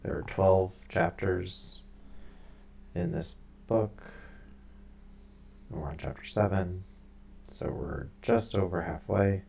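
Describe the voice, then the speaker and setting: Low gravelly man reading aloud. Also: mellow. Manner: halting, checks audio with chat, stumbles over hard names. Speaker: streamer reading a book aloud. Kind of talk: casual stream chat and book reading.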